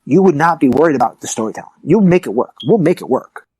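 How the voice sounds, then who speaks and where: Animated, emphatic male podcast host. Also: a little high, fast, breathy edge, dry recording, rough recording. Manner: animated, emphatic, rising to excited peaks. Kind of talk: casual chat.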